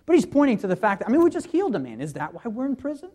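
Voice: medium pitch, wildly swooping pitch, racing, dark tone, breathy edge. Preacher explaining scripture with rhetorical questions. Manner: guides listeners through scripture references. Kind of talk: sermon.

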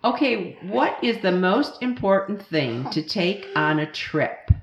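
A woman's voice: fairly low pitch, lively intonation, measured pace, highs cut off, soft background music. A woman interviewing children with playful questions and frequent laughter, speaking into a microphone. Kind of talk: casual question-and-answer with kids. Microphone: studio microphone. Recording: roomy echoey room.

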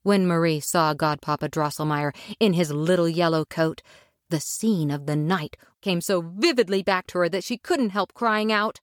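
A woman narrating a children's story aloud with expressive, dramatic delivery. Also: fairly low pitch, normal speed, no echo, clean studio sound. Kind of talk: storybook reading.

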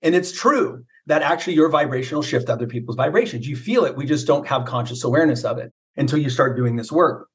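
A man's voice: mid-range voice, expressive, fast talker, few pauses. A middle-aged man, a mindset coach, talking casually and emphatically, coaching with rhetorical questions. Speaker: mindset coach, podcast guest. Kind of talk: casual motivational talk.

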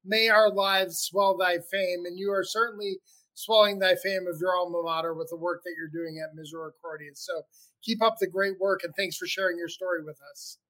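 A man's voice: sits high, steady tone, a little fast, pushed and bright, poor audio. A man hosting a podcast, asking interview questions and delivering an enthusiastic sign-off. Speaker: podcast host.

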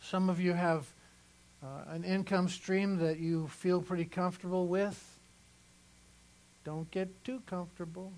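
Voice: mid-range voice, steady tone, unhurried, darkish tone, low-quality recording. Conversational pastor preaching a sermon. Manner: conversational, repeats phrases for emphasis.

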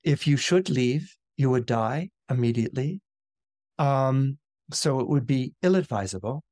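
A man voicing an ancient, serene male high lama who speaks slowly and gravely in a story retelling. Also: lively intonation, a little mellow, no room sound, studio quality, close to an everyday voice. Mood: calm solemn.

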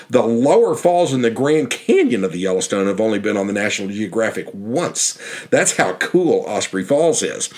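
Deep-ish guy rambling through a tour, super enthusiastic storyteller. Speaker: tour guide and guidebook author. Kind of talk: casual guided tour narration.

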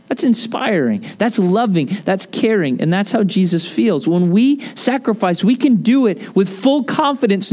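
A man pastor delivering a sermon in a conversational, joking and animated manner. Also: high-pitched.

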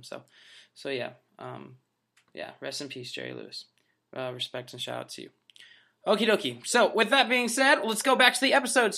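A man's voice: mid-range voice, creaky, pushed and bright. A young man co-hosting a podcast, chatting casually and telling stories loosely with lots of fillers and "dude.". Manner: laid-back, filler-heavy storytelling with lots of "dude" and "like". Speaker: podcast co-host. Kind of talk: casual chat.

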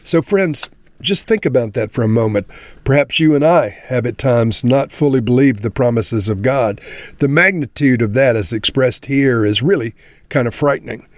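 A man's voice: mid-range voice, moderate pace, no echo. A man giving an earnest devotional Bible teaching, speaking to his listeners as friends and closing in prayer.

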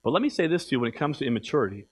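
A man preaching a sermon as pastor in a church, emphatic, swinging from loud exhortation to quiet asides. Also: mid-range voice, very animated, rapid-fire, husky.

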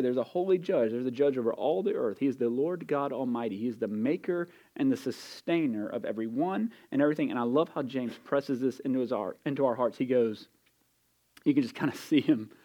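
A man delivering a sermon in a chatty, down-to-earth manner, leaning hard on his key points. His voice sits slightly higher than most men's. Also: darkish tone, dull audio. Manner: conversational, emphatic preaching with casual asides. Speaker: pastor. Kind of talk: expository sermon.

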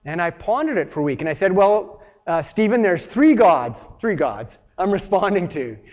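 A man's voice: high voice, big pitch swings, normal speed, a little mellow. A man preaching a sermon in an earnest, plain-spoken way, talking straight to his listeners and acting out voices when he quotes someone. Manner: acts out voices when quoting. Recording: dull sound with long reverb.

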